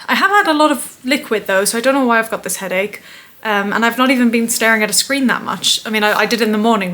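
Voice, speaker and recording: A woman's voice: medium pitch, pushed and bright. A woman chatting casually to camera as a vlogger, rambling and self-deprecating.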